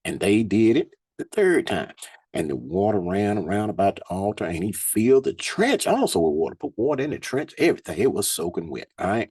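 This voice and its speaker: A man's voice: lowish voice, sing-song, brisk, a little mellow, breathy edge, no room sound. A man, a Bible teacher, reads scripture aloud and breaks in with slangy, laughing asides between verses. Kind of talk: scripture reading with casual commentary.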